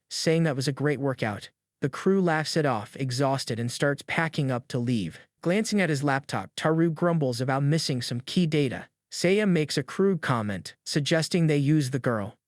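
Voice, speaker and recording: A man's voice: on the high side, no room sound, studio quality. A man narrating a comic story recap in a hyped, scripted storytelling style.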